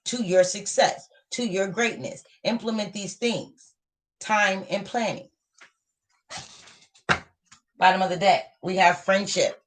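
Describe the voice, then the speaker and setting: A woman's voice: mid-range voice, fairly even intonation, measured pace. Motivational woman giving a tarot reading. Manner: repetitive, motivational, affirming. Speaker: tarot reader. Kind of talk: live tarot reading to viewers.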